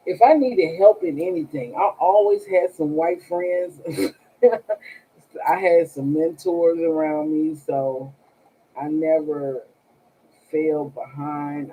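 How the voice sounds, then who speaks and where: A woman's voice: deep voice, warm tone, a little hiss or hum, rough recording. A woman hosting a tarot live stream, telling stories casually with a sarcastic, profane manner and frequent laughter. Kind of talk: casual storytelling to viewers.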